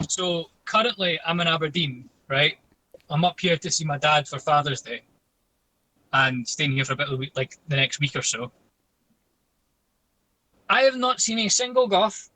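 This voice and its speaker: A man's voice: a little high, steady tone, normal speed, sharp tone, rough recording. A man, a podcast guest, chatting casually in a rambling, hesitant way with plenty of fillers. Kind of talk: casual chat.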